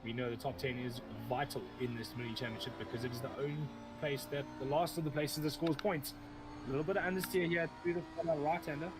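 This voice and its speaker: A man's voice: fairly high pitch, steady tone, fast, over music, rough recording. A man giving live sim racing commentary, rambling, often correcting himself and joking as he goes.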